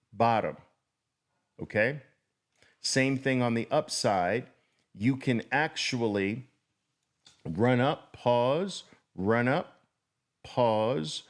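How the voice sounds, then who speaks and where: A man teaching a trading lesson, drawing as he explains and checking in with the viewer. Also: on the low side. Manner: deliberate, drawing while explaining, repeats and checks in with "okay?". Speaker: trading instructor.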